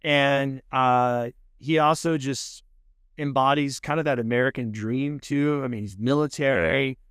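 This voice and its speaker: A man's voice: medium pitch, measured pace, a bit bright, clean tone, no room sound, clean studio sound. A man guesting on a podcast, talking casually and with enthusiasm, saying "man" and "dude" a lot. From California. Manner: laid-back, enthusiastic, says "man" and "dude" often. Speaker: podcast guest, food show host. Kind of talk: casual chat. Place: podcast studio.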